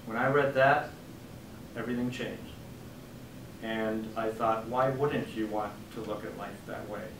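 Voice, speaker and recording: A man, an author giving a book reading, telling a story in an animated way and acting out the quotes. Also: fairly low pitch, a little slow, a little hiss or hum. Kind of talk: storytelling talk. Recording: echoey room from a distant mic.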